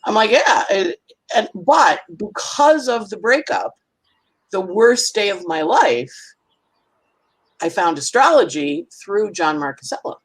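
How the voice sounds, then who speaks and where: Husky-voiced woman telling stories animatedly. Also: medium pitch, slow, poor audio. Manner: animated storytelling, acts out quoted voices, laughs often. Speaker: astrologer guest. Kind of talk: casual podcast chat.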